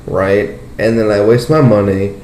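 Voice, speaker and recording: A young man hosting a casual podcast chat, telling a story with lots of "like" and "dude" and jumping up in pitch when he gets excited. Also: measured pace, a little hiss or hum. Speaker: podcast host. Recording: roomy echo.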